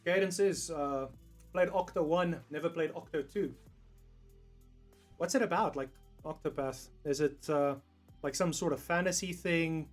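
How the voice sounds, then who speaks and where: A young South African man talks loosely to his stream chat in a slightly high voice, drifting from thought to thought, laughing a lot and cursing without a second thought. Soft guitar music plays faintly behind him. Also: unhurried, long pauses. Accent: South African English. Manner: rambling, laughs often, swears casually. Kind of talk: casual livestream chat.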